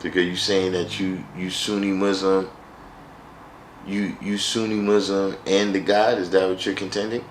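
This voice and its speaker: A man's voice: sits low, level tone, moderate pace, echoey room, slight background noise, rough recording. A man hosting a live stream, chatting casually with viewers in a wry, joking way and often repeating himself.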